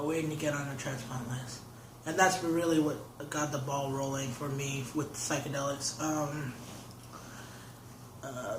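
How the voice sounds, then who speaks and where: A man's voice: on the high side, slight background noise. A young man, an interview guest, telling a long story in casual talk, rambling and filling his sentences with "like". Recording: roomy echo.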